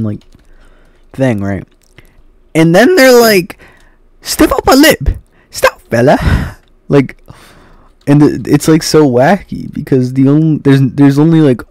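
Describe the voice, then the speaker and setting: A man's voice: medium pitch, warm tone, dry recording. A young man on voice chat, rambling and teasing his friend in mock-dramatic tones. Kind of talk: casual gaming chat.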